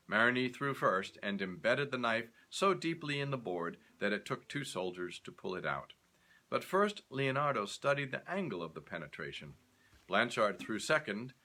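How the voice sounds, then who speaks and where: A man reading a short story aloud, expressive and acting out each character. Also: fairly low pitch.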